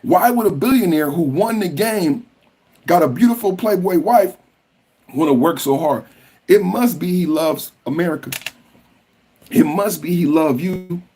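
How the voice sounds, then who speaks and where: A man hosting a political commentary podcast, talking with passion and profanity and at times rising to shouts. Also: sits high, a little slow, slightly rough. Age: adult with a school-age son. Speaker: podcast host.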